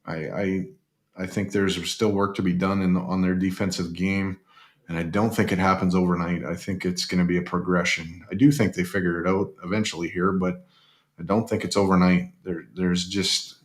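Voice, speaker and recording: A man co-hosting a casual sports podcast, talking in a relaxed way with frequent restarts. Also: sits low, normal speed. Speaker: podcast co-host.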